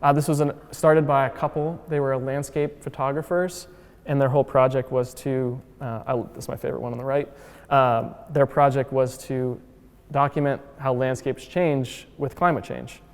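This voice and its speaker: Man, mid-pitched, casual lecturer, chatty and upbeat, lots of fillers, long hall reverb. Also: flat delivery, moderate pace. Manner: chatty and upbeat, heavy use of "like" and "uh"; acts out quotes with voice shifts. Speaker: museum founder giving a lecture.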